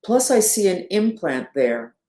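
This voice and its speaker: An older woman teaches a guided meditation in a brisk, chatty manner, dropping blunt asides as she goes. Her voice sits at a middle pitch and carries a roomy echo. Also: sing-song, mellow. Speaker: spiritual teacher.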